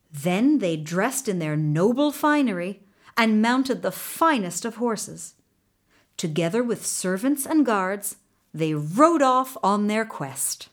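A woman telling a fairy tale in scripted storybook narration, giving the characters their own voices. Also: on the high side.

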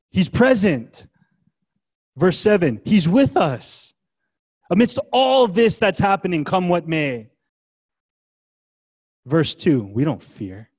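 A man preaching a sermon as a pastor, swinging between hushed, gentle passages and loud, emphatic ones, with casual asides. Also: a little high.

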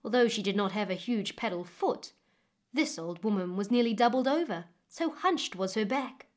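A woman narrating a fairy tale expressively with dramatic pauses, as a storyteller reading a book. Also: mid-range voice, animated.

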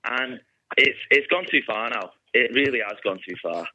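A man's voice: medium pitch, moderate pace, bright, forceful tone, no echo. A man phoning a radio show to complain, sounding aggrieved. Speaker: caller. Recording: dry muffled phone line.

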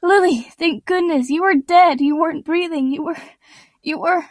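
A woman voicing a loyal, warmhearted young heroine girl who reassures her friend. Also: very high voice, moderate pace, dry recording, clean studio sound, pitched above the performer's own voice. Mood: tearful relief.

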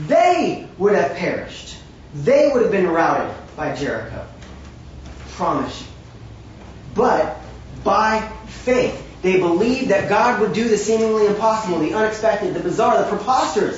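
A preacher's mid-range voice, touched by slight hiss or hum, drives an emphatic sermon that stays conversational and throws in wry asides. It was recorded from across a large room, and the result is very echoey, distant and dull.

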